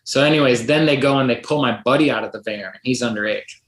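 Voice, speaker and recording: A man's voice: mid-range voice, fast, fairly bright tone. Middle-aged guy rambling thru a story on a podcast, tons of likes and ums, kinda echoey room. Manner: rambling, lots of likes and ums, acts out quoted voices. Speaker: podcast guest. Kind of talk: casual storytelling. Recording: roomy echo.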